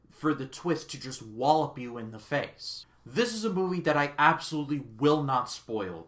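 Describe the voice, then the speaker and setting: A man's voice: medium pitch, a bit bright. Upbeat man reviewing a movie. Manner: enthusiastic and joking, with quick asides. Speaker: movie review channel host. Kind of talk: casual movie review vlog.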